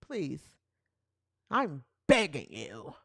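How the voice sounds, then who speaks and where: Female host, comic sports rant, mocking and dramatic; bright tone, slow deliberate delivery. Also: sits low, creaky, breathy edge, no room sound, studio quality. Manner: animated, mocking, exaggerated hollering. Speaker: show host. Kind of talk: comic sports commentary livestream.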